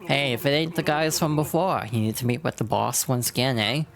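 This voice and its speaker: A woman voicing a gruff male mobster goon in a game, talking in tough-guy slang. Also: a bass voice, brisk, faint music behind.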